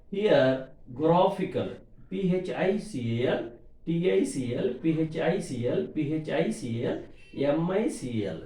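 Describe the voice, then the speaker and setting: A man lectures on word stress, spelling suffixes letter by letter. His voice sits a bit high and swings widely in pitch, and he talks slowly. The room around him is echoey. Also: warm tone. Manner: repetitive, spells words letter by letter; addresses listeners as "my dear students". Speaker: English teacher.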